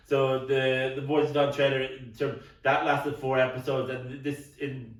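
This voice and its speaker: A middle-aged man rambles through a casual podcast chat, tripping over repeated words and coughing at times. His voice is of middling pitch and sounds set back from the mic. The room around him is noticeably echoey. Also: little pitch movement, measured pace. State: coughing now and then. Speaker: podcast co-host. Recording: roomy, distant mic.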